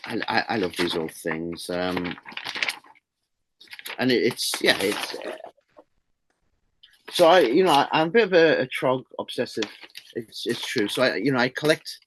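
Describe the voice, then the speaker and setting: As a guest in a casual interview, a middle-aged horror magazine publisher talks in a rambling, enthusiastic way, restarting often. His mid-range voice is very animated yet unhurried, with long pauses, over a noisy background.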